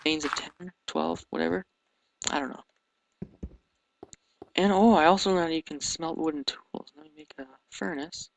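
Quiet mumbling young man, gravelly. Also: fairly high pitch, normal speed, pauses often. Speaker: let's play commentator. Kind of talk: casual gameplay commentary. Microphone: sensitive desk microphone. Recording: noisy home mic recording.

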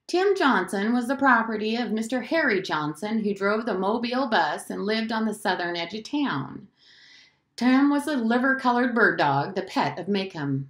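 A woman teacher reading a novel aloud to her class, in an expressive storytelling manner. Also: a little high, normal speed, echoey room.

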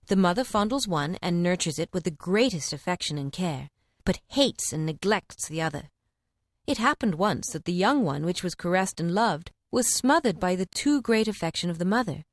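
A woman narrating fables for an audiobook in a measured, expressive reading. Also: medium pitch, dry recording, studio quality. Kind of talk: scripted storybook narration.

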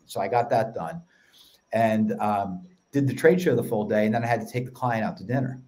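A man with a Philadelphia accent, a podcast guest telling stories in an energetic, casual way. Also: on the low side. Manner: energetic storyteller, quick run-on sentences. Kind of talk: casual chat.

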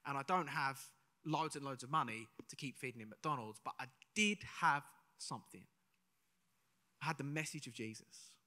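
A young Englishman preaches to a live church congregation. His voice is bright and forceful, and it rings out with a long hall reverb. He talks like he's chatting, telling stories and throwing questions out to the audience. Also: mid-range voice, normal speed. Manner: conversational, storytelling, asks the audience questions. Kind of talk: sermon with personal story.

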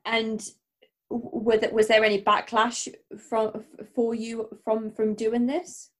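A woman's voice: on the high side, completely flat delivery, slow. A woman hosting an interview, asking questions hesitantly with restarts. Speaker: podcast host.

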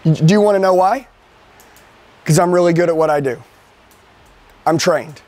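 A man leading a live sales training seminar, energetic and emphatic, firing questions at his audience and acting out sales calls. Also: on the high side, moderate pace, long pauses.

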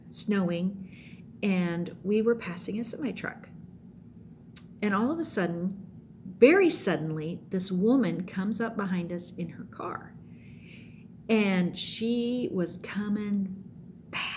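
A middle-aged woman preaching to a youth group, with an animated, storytelling delivery. Her voice sits in a middle pitch, and she acts out the scenes as she goes. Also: a little hiss or hum. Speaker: youth pastor. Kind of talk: youth sermon.

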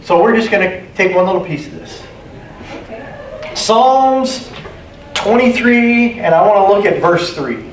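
A man's voice: high voice, animated, unhurried, slight background noise. A man preaching a sermon as pastor, emphatic, repeating key phrases and calling for amens. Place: church sanctuary. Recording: echoey room, distant mic, faint ambience.

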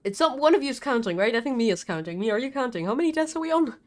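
Jumpy, high-voiced woman streamer. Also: animated, fast. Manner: jumpy and swearing, swings from shrieks to mumbles. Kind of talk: live gameplay commentary.

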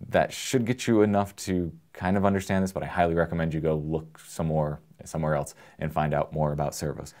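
A man presenting an electronics lesson in a relaxed, joking way, explaining with everyday analogies. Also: low-pitched. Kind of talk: casual technical lesson.

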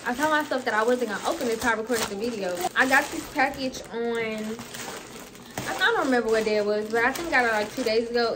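High-voiced chatty young woman with a lisp. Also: noisy background. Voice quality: slight lisp from tongue piercing. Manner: slangy, chatty, talks straight to viewers. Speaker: vlogger. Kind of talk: casual haul vlog chat.

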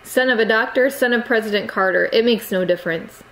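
A woman's voice: on the high side, a little fast, a bit bright, low-quality recording. A woman reading aloud, voicing a stern, reproachful middle-aged aunt who lectures her niece. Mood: scolding.

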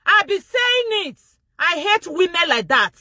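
A Nigerian-accented woman with a very high, bright, piercing voice hosts a gossip commentary vlog. Her pitch swings widely as she mocks and laughs loudly between phrases. The sound is close and dry. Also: sing-song, unhurried, dry recording. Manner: mocking, laughs loudly and often. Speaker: vlogger and show host.

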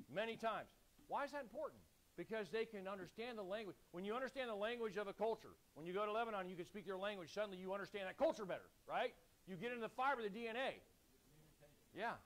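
A pastor preaches an urgent, exhorting sermon, calling on the congregation to repeat lines back and now and then clearing his throat. His voice is high with a fairly bright tone.

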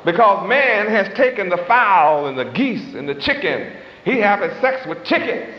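A man preaches in a dramatic, folksy style, with swooping emphasis, slow drawn-out stresses, chuckling asides and loose grammar. His high voice is very animated. The muffled old tape has background noise and an echoey hall.

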